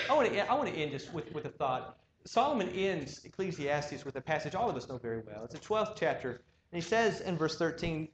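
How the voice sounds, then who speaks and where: A male preacher delivers a sermon in a slightly higher voice, urging his congregation and driving home his points with repeated questions. His voice carries around an echoey church hall, with a faint hum of room noise behind it. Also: big pitch swings, a little fast, hardly any pauses.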